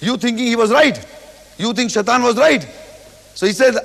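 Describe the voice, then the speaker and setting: A man giving a slow, verse-by-verse religious explanation, often repeating phrases and acting out quoted words. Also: extremely high pitch, animated, gravelly, fairly bright tone, big-room sound. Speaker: Quran teacher.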